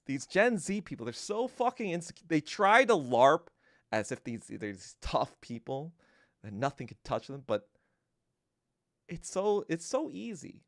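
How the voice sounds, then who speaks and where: Gravelly, profane man ranting animatedly. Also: on the high side, normal speed, no room sound, studio quality. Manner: profane, mocking, animated storytelling. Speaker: podcast host. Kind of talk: casual ranting monologue.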